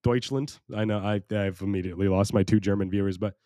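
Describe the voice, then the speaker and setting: A man's voice: low-pitched, level tone, quick pace, warm tone, dry recording, studio quality. A young American man hosting a solo podcast, rambling and crude and mocking himself, his voice strained and worn from recording. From United States. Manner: rambling, crude, self-mocking, frequent restarts. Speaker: podcast host.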